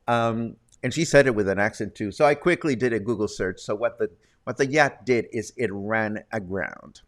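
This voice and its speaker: A man's voice: on the low side, normal speed. Chatty man hosting a local news roundup. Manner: chatty, wry asides. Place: Puerto Vallarta, Mexico.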